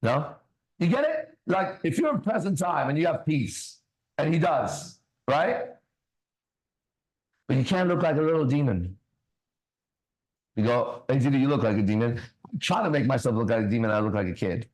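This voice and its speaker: Profane, animated preaching man. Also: a little high, moderate pace, pauses often, rough recording. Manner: blunt, profane, rhetorical questions. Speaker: minister and show host. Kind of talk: preachy casual talk show.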